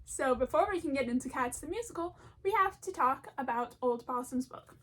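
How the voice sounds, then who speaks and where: High-voiced, chatty woman rambling. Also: lively intonation, a little fast, fairly bright tone. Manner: chatty, self-deprecating, laughs often. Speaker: video essayist. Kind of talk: casual rambling commentary.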